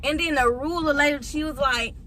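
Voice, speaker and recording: In a casual storytime, a young woman in her late teens chats to viewers through her phone mic, relating a long personal tale with lively emotion. She speaks high-pitched and a bit fast, over slight background noise.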